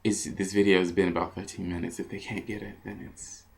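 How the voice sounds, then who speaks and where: A man's voice: low-pitched, level tone, brisk, gravelly. A man co-hosting a comedy vlog, telling stories in a rambling, profane, giggly way. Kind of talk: casual storytelling.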